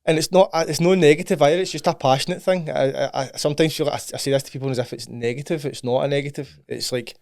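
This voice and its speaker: A man's voice: on the high side, steady tone, quick pace, vocal fry, hardly any pauses, a little mellow, no room sound. Candid Scottish man, dry close sound. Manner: candid, laughs often, says aye and right. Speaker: podcast guest, bodybuilding client. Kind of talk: casual chat.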